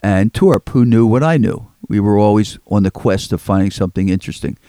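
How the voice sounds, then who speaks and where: In a brisk, mellow, lowish voice, the older record collector from Philadelphia spins rambling interview stories. He repeats words and acts out the quotes. The studio mic gives a dry recording.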